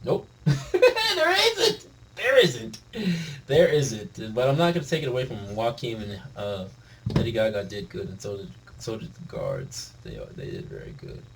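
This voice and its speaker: A man's voice: on the low side, very animated, fairly quick, gravelly, a little mellow, recorded from a distance, slight background noise, poor audio. A man giving a casual, exasperated film review late at night at home, laughing often. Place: home room.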